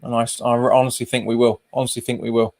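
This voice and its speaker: A man's voice: mid-range voice, little pitch movement, fast, creaky, a little mellow. Chatty man doing live match commentary. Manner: casual, chatty, trails off mid-sentence and repeats himself. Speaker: football watch-along streamer.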